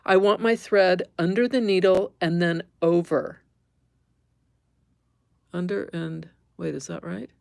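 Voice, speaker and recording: A woman's voice: lowish voice, moderate pace, gravelly, hardly any pauses, a little mellow, no echo. A middle-aged woman teaching embroidery on a live stream, thinking aloud as she stitches, correcting herself and chatting with viewers.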